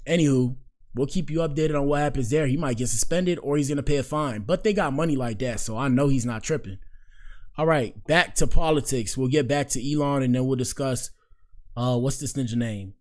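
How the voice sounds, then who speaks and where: Speaking a little fast in a medium-pitched voice, a young show host runs a casual live stream. He's slangy and lively, reacting aloud to clips and answering back to his screen.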